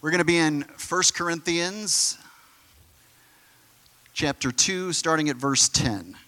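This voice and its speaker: Bright-voiced man preaching a casual sermon. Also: fairly high pitch, takes it slowly. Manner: conversational preaching with fillers and rhetorical questions. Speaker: pastor.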